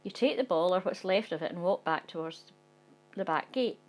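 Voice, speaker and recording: A woman's voice: on the low side, normal speed, darkish tone, soft background music. A woman reading a second-person comic short story aloud in a wry, conspiratorial tone that breaks into sweary outbursts of indignation.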